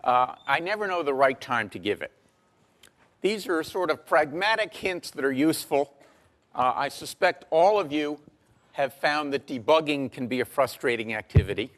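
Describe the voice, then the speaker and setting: A man giving a university lecture in a lecture hall, measured and dry-humored, with frequent ums and uhs. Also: fairly high pitch, lively intonation, fairly bright tone. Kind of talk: classroom lecture.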